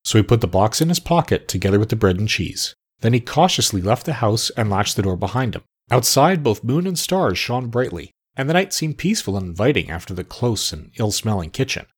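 A man narrating a children's storybook with an expressive, animated reading. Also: lowish voice, a little fast, few pauses, slightly rough.

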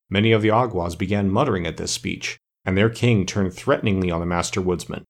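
A man with a somewhat low voice narrating an audiobook. He reads at a measured, even storytelling pace. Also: gravelly.

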